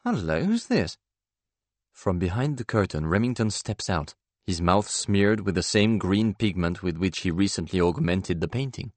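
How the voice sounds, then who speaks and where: A man with a very deep, low voice reads a first-person novel aloud. His delivery is measured, with a dry, ironic edge, and the sound is close and dead. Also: no room sound. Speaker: audiobook narrator. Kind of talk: scripted first-person narration.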